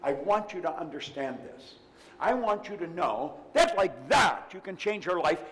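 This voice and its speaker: An older man delivers a motivational seminar talk. He speaks emphatically, telling stories and retelling dialogue. His voice sits slightly high and rings out with a long hall reverb. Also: animated, normal speed, fairly bright tone. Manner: emphatic, storytelling with retold dialogue. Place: large room before a live audience.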